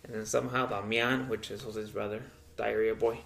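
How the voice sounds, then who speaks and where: A young man with a gravelly voice tells stories in a loose, casual podcast chat. He swears freely and acts out the people in his stories by jumping his pitch up and down. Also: flat delivery, fairly quick, a bit bright. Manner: loose and profane, acts out quoted voices with big pitch jumps. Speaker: podcast co-host.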